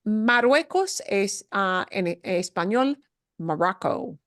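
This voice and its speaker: A woman teaching Spanish takes her time, explaining each point slowly and patiently. She repeats words for her learners and slips Spanish phrases into her English. Her voice is recorded dry and close, with no room sound. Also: mid-range voice, animated, fairly bright tone, no echo. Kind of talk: recorded class lesson.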